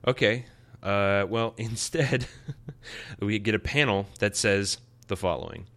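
A man hosting a podcast, reviewing a comic in a playful, excitable casual way. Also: lowish voice, measured pace. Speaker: podcast host.

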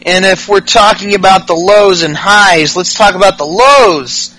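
A high-pitched man with a bright, ringing voice runs through a wrestling recap in casual podcast chat. He swears freely and gets worked up, jumping into the wrestlers' lines as he goes. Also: measured pace, poor audio. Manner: profane, excitable, mimics wrestlers' lines. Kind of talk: casual comedic recap with acted-out quotes.

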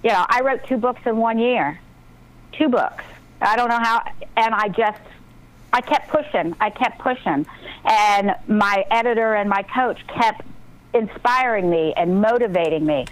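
A woman's voice: fairly high pitch, unhurried, rough recording. Woman on a radio show giving pep talk advice, earnest and upbeat. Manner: earnest, motivational, talks about breathing and intuition. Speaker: guest author. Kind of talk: casual radio interview.

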